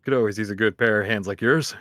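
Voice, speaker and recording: A man's voice: fairly low pitch, fast talker, a bit bright, no echo, natural voice. A man playing a laid-back mercenary, dry delivery. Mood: friendly. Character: laid-back one-eyed male mercenary.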